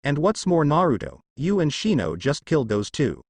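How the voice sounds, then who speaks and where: A man's voice: fairly high pitch, big pitch swings, normal speed, breathy edge, dry recording, exaggerated voice. Guy doing a demanding annoyed ninja girl, dry close voice. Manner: indignant, demanding. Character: demanding young female ninja.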